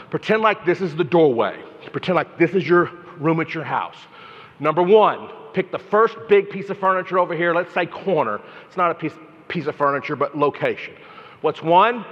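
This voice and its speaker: A man giving an energetic memory-training talk to a live conference audience, repeating phrases and calling on listeners by name. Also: fairly high pitch. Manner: animated, repetitive, addresses audience members by name. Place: large conference hall. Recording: hall reverb, dull lo-fi sound.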